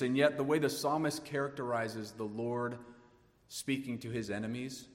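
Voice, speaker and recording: A man preaching a sermon, swinging from hushed tones to emphatic rises. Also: medium pitch, fairly even intonation, a little slow, long pauses, in a large hall. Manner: dynamic preaching, dropping to hushed tones then rising emphatically. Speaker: pastor.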